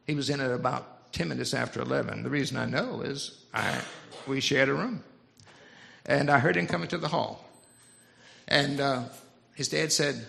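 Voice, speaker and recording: An older preacher, his voice heavy with gravelly fry yet bright and forceful on top. He preaches in a church in a folksy, storytelling way, easing into humor between points. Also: mid-range voice. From Louisiana Cajun. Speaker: pastor. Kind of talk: storytelling sermon. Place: church sanctuary.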